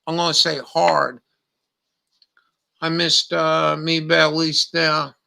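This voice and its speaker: A man's voice: fairly high pitch, little pitch movement, slow, vocal fry, bright, forceful tone, echoey room, distant mic. An older man telling rambling, profane stories in a meandering monologue. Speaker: vlogger.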